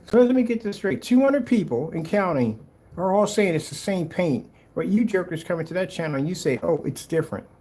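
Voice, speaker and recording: A man reacting to a rival's screen paint video with mocking, exasperated commentary, swinging between loud outbursts and low muttering. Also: lively intonation, a little fast.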